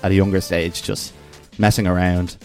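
A man's voice: sits low, flat delivery, moderate pace, darkish tone, soft background music. A man with a Dublin accent, the band's drummer, telling stories in a laid-back way in a radio studio. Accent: Dublin Irish. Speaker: band drummer guest. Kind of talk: casual interview chat.

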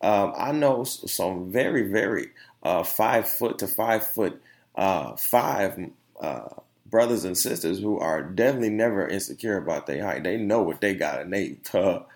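A young man hosting a podcast, telling a story in a casual, animated opinion monologue full of slang and laughter. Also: deep voice, normal speed. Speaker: podcast host.

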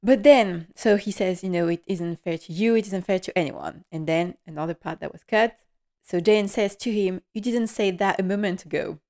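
A woman hosting a podcast, giving an animated and emotional episode recap with nervous laughter. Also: on the low side, moderate pace. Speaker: podcast host.

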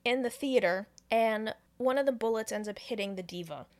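Woman podcast host, fairly high voice, animated, profane, casual movie recap. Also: moderate pace. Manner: animated, profane, laughing storyteller.

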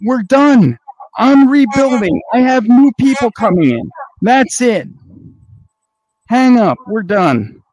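High-voiced man, angry and cursing. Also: animated, slow pace, a little mellow, dull audio. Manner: angry, profane, lecturing. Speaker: network owner. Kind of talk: heated on-air argument.

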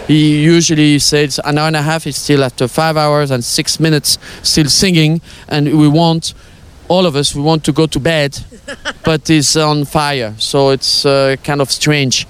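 A man's voice: fairly high pitch, flat delivery, measured pace, clean tone. An older man with a French accent, a former tennis pro, answering interview questions casually and playfully, with lots of fillers and hesitations.

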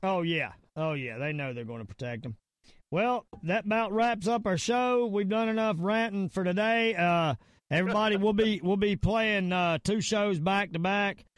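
A middle-aged man with a Southern US drawl hosts a casual podcast. He rambles, stumbles over repeated words and leans hard on his points. His voice sits a touch high for a man and sounds close and dry. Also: normal speed, no room sound. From Virginia / North Carolina area, US. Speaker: podcast host. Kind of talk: casual podcast rant and sign-off.

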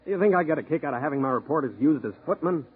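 An actor playing a harried newspaper editor who is apologetic and coaxing, in 1940s radio acting. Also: male voice, a little high, animated, racing, breathy edge. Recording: tinny old radio broadcast.

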